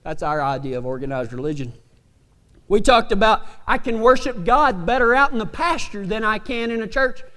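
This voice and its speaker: A man preaching a sermon, telling a funny story in a folksy, animated country way. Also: sits high, normal speed. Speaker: pastor. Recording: reverberant hall.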